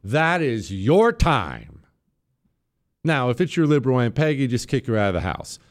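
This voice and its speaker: A man's voice: mid-range voice, very animated, normal speed. Brash, sarcastic male radio host. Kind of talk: talk radio monologue.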